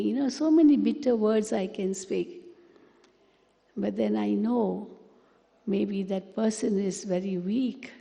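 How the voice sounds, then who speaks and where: A woman giving a spiritual class, speaking gently and repeating words for emphasis. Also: mid-range voice, unhurried, vocal fry, highs cut off. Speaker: spiritual teacher. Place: meditation hall. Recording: long hall reverb.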